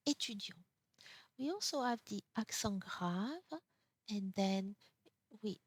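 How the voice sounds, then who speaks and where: Slow French-accented woman teaching. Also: mid-range voice, gravelly, slightly rough, no echo. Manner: slow, careful, repeats example words. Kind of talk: classroom lesson.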